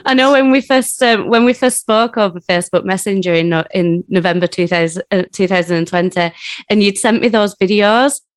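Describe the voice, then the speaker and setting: A woman's voice: medium pitch, brisk, dry recording. Giggly northern English woman host. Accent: northern English, Lancashire/Yorkshire. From northern England. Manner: friendly, giggly, full of fillers. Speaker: podcast co-host. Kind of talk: casual podcast chat.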